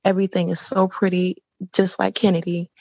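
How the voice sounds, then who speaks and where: A woman's voice: on the low side, little pitch movement, a little fast, vocal fry, a little mellow, no echo. A woman guest on a faith podcast who tells stories effusively and often repeats herself. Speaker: podcast guest, boutique founder. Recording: dull lo-fi sound.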